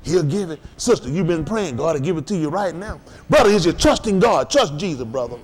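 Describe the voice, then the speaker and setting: Man preaching in a high lively voice. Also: a little fast, few pauses. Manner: call-and-response preaching, rising to shouts. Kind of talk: sermon.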